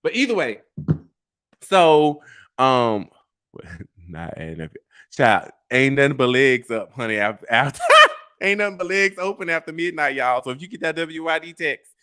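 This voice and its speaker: Sassy, animated man telling dating stories. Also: fairly high pitch, a little slow, smooth, no room sound, studio quality. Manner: sassy, animated, talks straight to viewers; laughs at own stories. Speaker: vlog host. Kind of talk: casual storytelling monologue.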